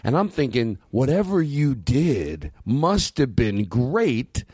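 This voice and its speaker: A man's voice: medium pitch, very animated, slow, darkish tone, husky, no room sound, clean studio sound. A man hosting a comedy podcast, chatting in a rambling, self-mocking way full of restarts and fillers. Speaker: podcast host. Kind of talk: casual comedy chat.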